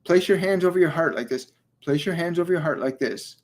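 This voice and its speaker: A male medium leads a livestream channeling session in a slightly high voice. He talks gently and soothingly, says phrases twice and fills pauses with ums. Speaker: spiritual medium hosting a live Q&A.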